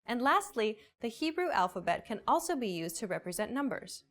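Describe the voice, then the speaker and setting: Lively woman narrating a language lesson. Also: fairly high pitch, brisk. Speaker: lesson host.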